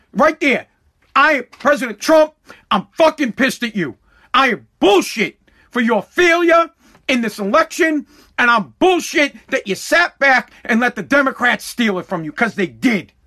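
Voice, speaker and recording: A man's voice: very high voice, sharp tone. A man delivering an angry, profane political rant, heated and repetitive, talking through a freshly pulled tooth. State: recovering from a tooth extraction.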